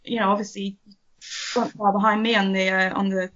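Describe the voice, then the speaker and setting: A woman's voice: mid-range voice, little pitch movement, a little fast, a bit bright. A woman, a podcast guest chatting casually, laughing often and restarting her sentences. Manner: giggly, stammering restarts. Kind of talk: casual chat. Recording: dull lo-fi audio.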